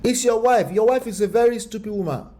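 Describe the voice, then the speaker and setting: A man voicing an indignant older mother who complains about her son's wife in a shrill, scandalized tone. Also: quick pace, warm tone, a little hiss or hum, close to an everyday voice.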